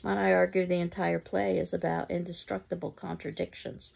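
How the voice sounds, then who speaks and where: Woman lecturer, low register, very gravelly voice, measured explanatory delivery. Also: flat delivery, a little mellow. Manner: measured, explanatory, with occasional ums and restarts. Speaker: literature teacher. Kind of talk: recorded literature lecture.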